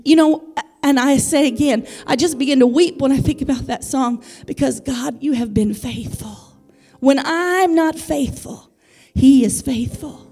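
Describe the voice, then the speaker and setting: A woman's voice: high-pitched, measured pace, dark tone, soft background music. A woman preaching a sermon with fervent, building emphasis.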